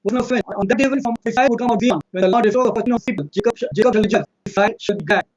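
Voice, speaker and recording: A man with an Indian accent arguing in a fast, insistent debate monologue, citing verses and repeating his points. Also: high-pitched, poor audio. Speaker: religious debater.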